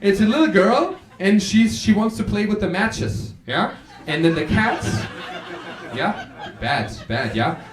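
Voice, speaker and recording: A man's voice: high-pitched, expressive, unhurried. A man from Germany doing stand-up comedy, telling a story and tagging lines with "yeah?". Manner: storytelling with frequent "yeah?" tags. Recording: echoey live room with crowd noise.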